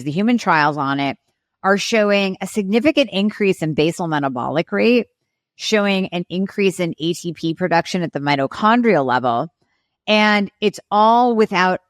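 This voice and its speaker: A woman with a fairly low voice explains things as an expert guest on a podcast. She walks through each point step by step and now and then acts out short exchanges between a patient and a doctor. The sound is dry and close. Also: no room sound. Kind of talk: podcast interview.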